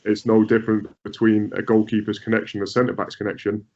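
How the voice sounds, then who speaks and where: Low-voiced coach talking in restarts. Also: male voice, monotone, quick pace, darkish tone. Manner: repeats words, many restarts. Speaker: goalkeeping coach, guest. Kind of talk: conversational interview answers. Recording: muffled lo-fi audio.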